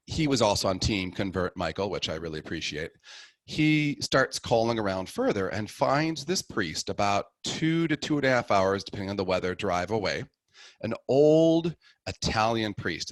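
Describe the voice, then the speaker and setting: A middle-aged man tells his story in a relaxed, chatty way, his low voice rising and falling a lot as he acts out the people in it. The sound is dry and close, with no room around it. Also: normal speed, dry recording. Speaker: guest sharing his conversion story. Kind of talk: casual storytelling.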